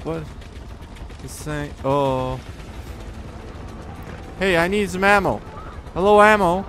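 A man hosting a let's play, cracking goofy jokes and yelling at the enemies on screen. His voice is bright and a little high, and it swings widely in pitch. He talks at an unhurried, drawn-out pace. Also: lively intonation, soft background music. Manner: goofy, jokey, yells at enemies. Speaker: gaming video host.

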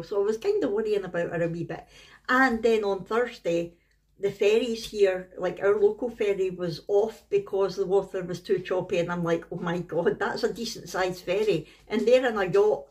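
A middle-aged Scottish woman, a family vlogger, telling a story to camera in a chatty, rambling way. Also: medium pitch. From Scotland. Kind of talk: casual talking-to-camera vlog.

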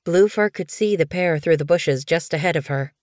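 A woman with a deep voice narrates an audiobook, telling the story in a measured, expressive way. The sound is clean studio quality with no echo.

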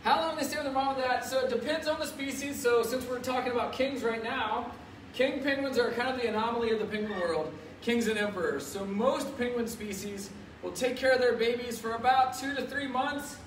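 A man with a fairly high voice hosts a casual educational zoo live stream from an indoor birdhouse with penguins, chatting upbeat and a little fast. A face mask muffles him, and the distant mic catches an echoey room and faint noise.

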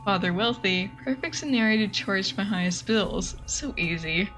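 A woman's voice: medium pitch, normal speed, a bit bright, lightly acted, poor audio. A woman voicing a greedy, scheming male doctor who plots to overcharge a family, reading in a gloating manner over faint game music.

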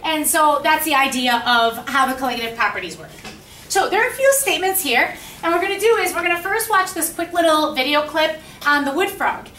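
A high-pitched, bright woman lectures a chemistry class, quizzing students and echoing back their replies. Her voice rings around an echoey classroom, picked up from a little way off, with a faint hum of room noise underneath. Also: expressive, fairly quick. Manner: asks the class questions and repeats their answers. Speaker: high school chemistry teacher. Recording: echoey classroom, mic at a distance.

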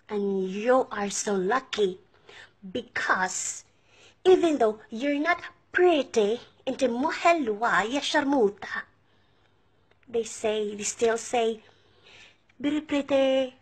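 A woman's voice: high-pitched, breathy edge. A Filipino woman from the Philippines scolding in a confrontational rant, throwing in Arabic insults. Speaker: overseas worker vlogger. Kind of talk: angry rant to camera.

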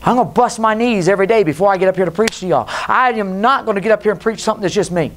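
Preacher man, loud and low by turns. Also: racing. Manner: preachy, swings between loud and low, mocks voices. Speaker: pastor. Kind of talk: Pentecostal sermon. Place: church sanctuary.

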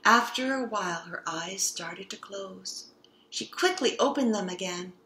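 A woman reads a children's picture book aloud, slowly and expressively. Her voice is bright and a little high. The recording has a roomy echo. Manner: slow, expressive read-aloud narration. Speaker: storybook reader.

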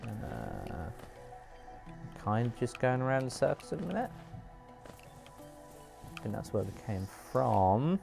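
A man hosting a live game stream, chatting and reacting with animated, laugh-prone commentary. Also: mid-range voice, slow pace, creaky, pauses often, over music. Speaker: streamer host.

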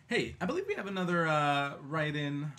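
A man co-hosting a live podcast, playful and goofy, jumping his voice up high for jokes. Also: sing-song, moderate pace, pushed and bright, a little hiss or hum. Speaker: podcast co-host. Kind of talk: casual chat on a live-streamed podcast.

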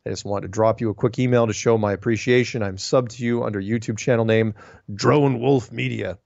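A man's voice: medium pitch, steady tone, fairly quick, creaky, a little mellow, no room sound. A man hosting a casual monologue, reading viewer emails aloud and ranting in a chatty, opinionated way with frequent restarts. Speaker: host answering viewer mail. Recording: dull lo-fi sound, dry.

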